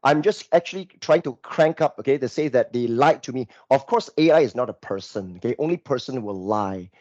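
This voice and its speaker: A male course instructor giving a live screen demo, talking in an animated, exasperated way and repeating himself. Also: medium pitch, fairly quick, no room sound. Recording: dull lo-fi microphone, dry.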